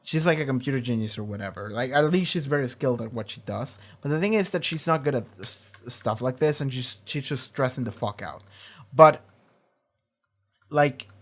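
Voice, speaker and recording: Male streamer, mid-pitched, animated and profane, rambling casual reaction talk at home. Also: normal speed.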